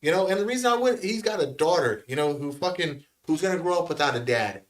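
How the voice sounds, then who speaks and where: A man telling a story in casual podcast chat, profane and animated. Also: fairly high pitch, quick pace.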